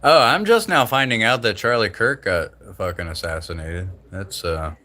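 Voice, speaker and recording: Young man, very low voice, slight Southern drawl, loose profane livestream chatter. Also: moderate pace, pushed and bright. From Southern United States. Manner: rambling, profane, laid-back. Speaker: livestream host. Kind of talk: casual livestream chat.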